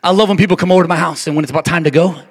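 A male pastor preaching a passionate sermon, with a repetitive, rhythmic cadence that swings from shouting down to near-whispers. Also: on the high side, fairly even intonation, racing, breathy edge. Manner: repetitive, call-and-response cadence. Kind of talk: Easter Sunday sermon.

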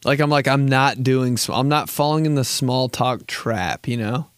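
A young man on his own podcast, riffing in a rambling, self-mocking, profane way, full of "like" and quick laughs. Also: medium pitch, clear, resonant tone, no echo, clean studio sound. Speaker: podcast host. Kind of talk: casual comedic storytelling.

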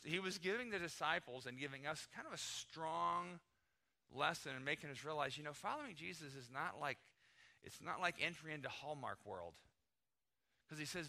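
A man's voice: mid-range voice, pushed and bright. A middle-aged American man preaching a sermon in a conversational, emphatic way, acting out short everyday dialogues. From United States. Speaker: pastor.

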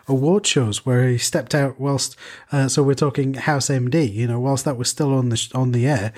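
A man's voice: mid-range voice, steady tone, normal speed, darkish tone. A man in a casual chat who tells a long, rambling story full of fillers and self-corrections.

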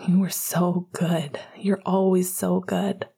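A woman voicing a tender young male lover with a soft, teasing whisper. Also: fairly low pitch, flat delivery, slow, gravelly, husky, exaggerated voice.

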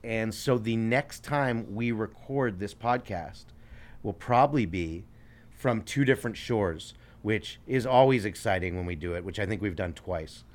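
A man's voice: fairly low pitch, measured pace. A man co-hosting a podcast, speaking in a laid-back, hesitant way with frequent chuckles. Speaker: podcast co-host. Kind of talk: casual chat.

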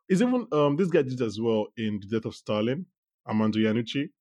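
A man co-hosting a casual podcast about a TV show, talking in animated bursts with quick asides and restarts. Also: medium pitch. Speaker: podcast co-host. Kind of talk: casual chat reviewing a TV show.

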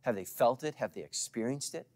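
Middle-aged pastor guy preaching, mid-pitch voice, goes loud then whispery, lots of amen?. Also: lively intonation, a little fast. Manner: dramatic swings from loud calls to hushed asides; preaching to a live congregation with call-and-response. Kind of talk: sermon.

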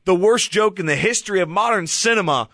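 A man with a high, bright, sharp voice, talking through a cutting critique on a casual podcast. The sound is close and dry, with no room around it. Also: expressive, a little fast, no echo. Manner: scathing, reads out a prepared rant. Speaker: podcast co-host.

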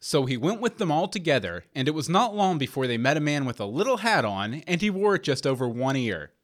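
A man reads an old fairy tale aloud, measured and expressive. His voice sits a little high and moves a lot in pitch. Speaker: reader. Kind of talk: storybook narration.

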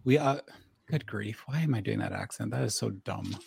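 Gravelly man running a tabletop game. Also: on the low side, moderate pace, darkish tone. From Southern Oregon. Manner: rambling, self-mocking, laughs at himself. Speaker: game master. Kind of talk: casual announcements before a tabletop game.

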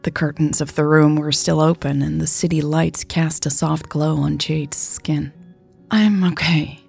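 A woman narrating an audiobook in a measured, even reading style. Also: deep voice, vocal fry, breathy edge, soft background music.

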